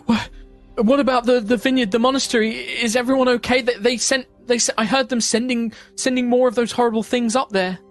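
A young half-elf nun, terrified and breathless, tripping over her words as she stammers and repeats herself, voiced by a man raising his voice well above its usual pitch. Faint music plays low behind her. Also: fairly even intonation, fairly quick. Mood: panicked.

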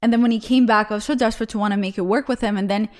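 A woman's voice: fairly high pitch, fairly even intonation, very fast. A woman in her thirties hosting a podcast, telling personal stories openly and emotionally in casual chat. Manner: emotional, open storytelling.

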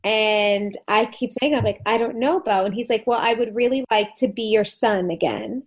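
A woman in her thirties hosts a podcast in a casual, chatty way. Her voice sits a little high, and she talks in an animated tone while sharing stories as a parent. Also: moderate pace. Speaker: podcast host. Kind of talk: casual chat.

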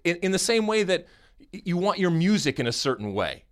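An American man hosting a podcast in casual chat, animated and teasing, often restarting his sentences. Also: sits high, fairly quick. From United States. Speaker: podcast host.

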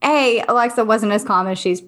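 A woman's voice: a little high, normal speed, a bit bright. A woman co-hosting a podcast, chatting casually and rambling with lots of fillers. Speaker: podcast co-host, psychic reader. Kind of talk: casual chat.

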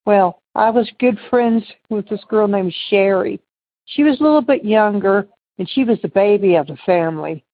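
A woman's voice: mid-range voice, moderate pace, breathy edge. A woman caller telling a personal ghost story in a casual, rambling way. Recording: phone line, muffled.

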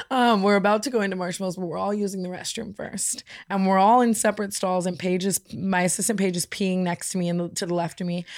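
A young woman co-hosting a podcast, telling a story in a casual, animated way with playful imitations. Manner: animated storytelling, mimics a whiny high voice. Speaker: podcast co-host. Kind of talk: casual chat.

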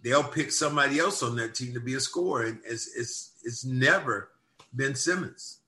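A man with a bright, forceful voice talks basketball on a casual podcast. He makes his points with emphasis and grows loud and animated when he argues. His pitch sits in a middle range for a man. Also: moderate pace. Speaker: podcast co-host. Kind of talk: casual sports talk.

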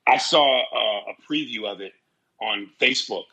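A man in casual chat, telling stories in an animated, profane way. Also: mid-range voice, normal speed, gravelly, slightly rough, muffled recording.

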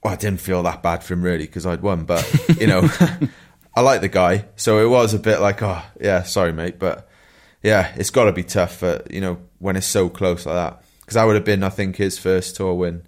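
A Welsh man and former pro cyclist, co-hosting a casual podcast and telling race stories in a relaxed way. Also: deep voice, moderate pace. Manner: relaxed storytelling with laughs and asides.

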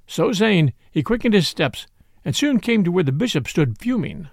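A man narrating an old-fashioned tale in an expressive storybook style. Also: fairly high pitch, moderate pace, vocal fry, dry recording, studio quality.

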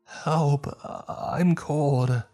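Brief: male reader doing a high, faraway child-mimic creature, repetitive pleas for help, horror storybook. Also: steady tone, extremely slow, warm tone, soft background music. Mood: pleading. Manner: pleading, repetitive, broken calls. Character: unseen creature mimicking a cold lost child.

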